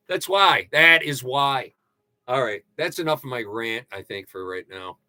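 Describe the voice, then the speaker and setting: An older man hosting a casual livestream, ranting and joking with sudden loud outbursts. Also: mid-range voice, lively intonation, a little slow, no room sound. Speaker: livestream host. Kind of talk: casual livestream rant and sign-off.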